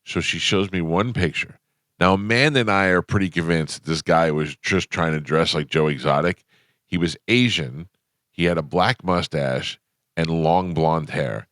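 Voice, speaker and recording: A man hosting a morning radio show, telling stories in casual banter and jumping high in pitch when he quotes people. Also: normal speed, dry recording, studio quality. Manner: animated storyteller, jumps up high when quoting people. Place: radio studio. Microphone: studio microphone.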